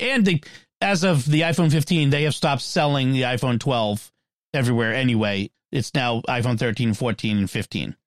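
A man's voice: a little high, no room sound, studio quality. A man co-hosting a tech podcast in casual chat, talking at length with restarts and fillers. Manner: chatty, frequent restarts and fillers. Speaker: podcast co-host.

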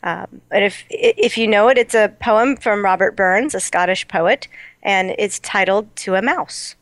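A woman co-hosts a casual podcast, telling her stories eagerly. Her pitch sits in the middle range. The recording is dry and close. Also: measured pace, no echo. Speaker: podcast co-host.

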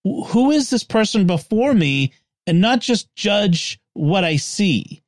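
A man's voice: high voice, big pitch swings, slow, dry recording. Easygoing male host, dry sound. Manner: easygoing, prompts guests with questions. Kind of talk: casual chat.

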